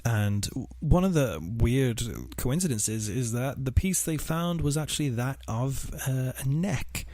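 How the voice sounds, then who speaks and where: A man's voice: medium pitch, a little slow, few pauses, mellow, no echo, studio quality. A man co-hosting a casual true-crime podcast, telling the story with many fillers and asides. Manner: rambling, filler-heavy storytelling, laughs at own jokes. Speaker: podcast co-host.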